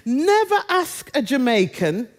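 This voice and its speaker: A woman's voice: high voice, big pitch swings, measured pace. A British woman preaching a sermon in a conversational, humorous way, drawing out quoted lines and song words. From Britain.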